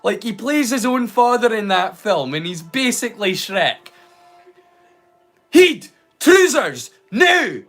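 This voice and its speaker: A man's voice: sits high, animated, moderate pace, few pauses, fairly bright tone. A man hosting a live movie watch-along, rambling casually with jokes and the odd swear word. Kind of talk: casual live-stream chat.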